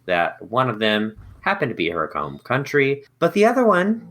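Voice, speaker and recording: A woman co-hosting a podcast in casual chat, with a playful, drawn-out delivery. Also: extremely low pitch, very animated, a bit bright. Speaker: podcast co-host.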